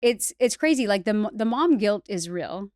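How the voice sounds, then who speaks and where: With lively intonation and a medium pitch, a woman speaks at a moderate pace in a slightly mellow voice, in clean studio sound with no echo. She's a hairstylist educator guesting on a podcast, chatting openly about her own story with plenty of "like" and restarts.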